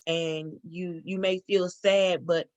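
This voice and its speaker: A middle-aged woman giving a spoken church testimony, earnest and halting, with many fillers and restarts. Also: on the low side, flat delivery, a little mellow, no room sound.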